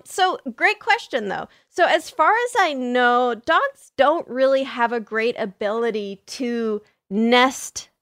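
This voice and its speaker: A young woman with a slightly high voice, rambling through listener questions on her podcast. She talks casually, pokes fun at herself and fills gaps with ums and likes. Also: vocal fry, a bit bright. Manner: chatty, self-deprecating, rambling with fillers. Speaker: podcast host.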